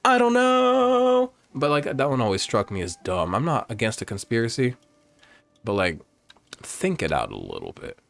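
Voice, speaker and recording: A man's voice: on the low side, big pitch swings, moderate pace, gravelly. Campy, chatty man playing a game. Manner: campy, chatty, swears freely. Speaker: gamer, host. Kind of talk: let's play commentary.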